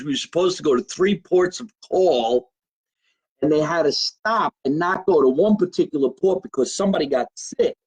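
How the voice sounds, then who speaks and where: A male comedian hosts his own live show from a home basement, rambling brashly, swearing, and greeting viewers by name in loose livestream chat. His voice is a little high with a breathy edge, and the recording is rough.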